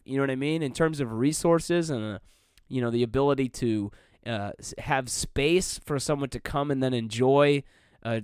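Solo podcast host, young man, rambling and wry, slightly high smooth voice. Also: no room sound, clean studio sound. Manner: rambling, wry, full of fillers and restarts. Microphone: close studio mic.

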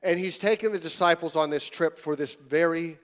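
A man preaching a sermon in a conversational, animated way, sometimes dropping to hushed tones. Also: fairly high pitch, a little fast. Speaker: pastor.

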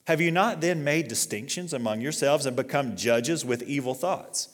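A middle-aged male pastor preaching a sermon in a relaxed, conversational way, with fillers and restarts, and rising in force when he reads scripture aloud. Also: medium pitch, normal speed, few pauses. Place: church sanctuary. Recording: long reverb of a church hall.

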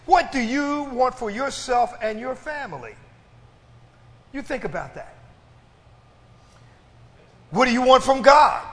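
In a reverberant church hall, a man with a high, slightly bright voice preaches a sermon. He draws his phrases out for emphasis and calls on the congregation to answer.

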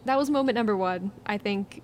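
A woman's voice: mid-range voice, fairly quick, a little mellow. Young woman host, upbeat and laughing, faint hiss behind. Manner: upbeat, laughing, leads segments. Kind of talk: casual chat.

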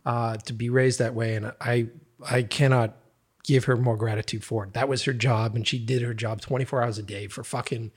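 A man's voice: mid-range voice, fairly even intonation, normal speed, husky. A man, a horror film director, telling a childhood story in a casual chat and laughing through the funny parts.

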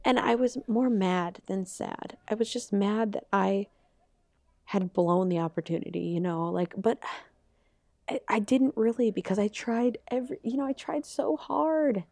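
A woman's voice: mid-range voice, measured pace, creaky, dark tone, dry recording. A young woman co-hosting a podcast, telling a personal story in a rambling, emotional way with many restarts. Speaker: podcast co-host. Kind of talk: casual chat, storytelling.

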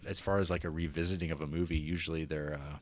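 In a casual movie discussion, a young podcast co-host with a very deep voice talks fast and with fairly even intonation. He retells the film's plot loosely, packed with fillers, restarts and "like".

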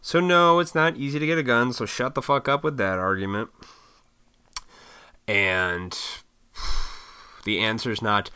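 A man from Illinois ranting in a casual solo monologue, blunt and profane, with mocking high-pitched put-on voices. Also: moderate pace, pauses often, bright, forceful tone, smooth. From Illinois, USA. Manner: works in restaurants.

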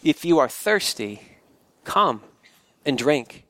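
Guy voicing a stern calm storybook lion, slow and low, dry sound. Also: dry recording, full character voice. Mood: solemn. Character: solemn, stern male lion, deep and calm. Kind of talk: reading a storybook aloud in a sermon.

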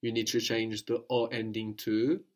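With a lowish, level voice, a man teaches a spoken language lesson, prompting his student patiently and repeating each response slowly.

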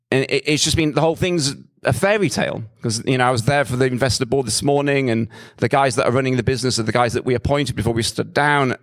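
A middle-aged man, a company founder, telling his story in a lively, self-mocking way with frequent restarts. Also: mid-range voice. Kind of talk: conversational storytelling talk.

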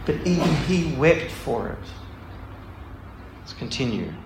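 A man's voice: on the high side, big pitch swings, takes it slowly. Casual man leading a scripture talk, echoey room. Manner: digressive, thinks aloud, reads passages then explains them informally. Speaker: Bible study speaker. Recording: echoey room with faint background noise.

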